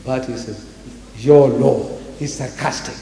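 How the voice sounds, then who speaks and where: An older man giving an animated public debate lecture, quoting scripture and acting out dialogue. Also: mid-range voice, unhurried, vocal fry. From South Africa. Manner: emphatic, animated, quotes scripture and acts out dialogue. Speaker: lecturer on religion. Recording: echoey hall, long reverb.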